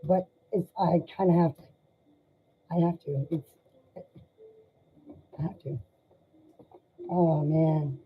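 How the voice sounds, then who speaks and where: A woman doing a live tarot reading, speaking in an emotional, sympathetic and halting way. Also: sits low, steady tone, slight background noise. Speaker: tarot reader. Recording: dull lo-fi sound.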